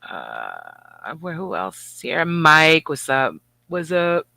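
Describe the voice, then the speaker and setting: A woman's voice: low-pitched, wildly swooping pitch, slow pace, gravelly, pushed and bright, no room sound. A woman co-hosting a casual livestream, bubbly and teasing as she greets viewers. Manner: bubbly, teasing, swings between squeals and mutters. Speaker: livestream co-host.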